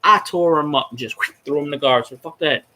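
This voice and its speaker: A fan vlogger on a casual livestream rambles, swears, and talks to viewers in the chat. His voice is on the high side, quick, bright, and forceful.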